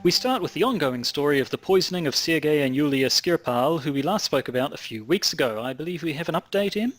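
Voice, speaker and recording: A man's voice: on the high side, animated, quick pace. A man co-hosting a podcast over a video call, with wry, teasing banter. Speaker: podcast co-host. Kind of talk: casual chat. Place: home in New Zealand.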